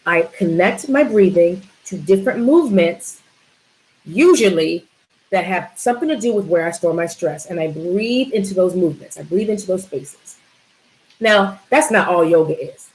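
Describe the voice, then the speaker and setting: Brief: woman presenter, emphatic and coaching, hammers points home with repetition and direct questions, pitch jumps up for emphasis. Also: a little mellow, rough recording. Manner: emphatic, repeats key words, asks the audience questions. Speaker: wellness presenter. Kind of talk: live community talk.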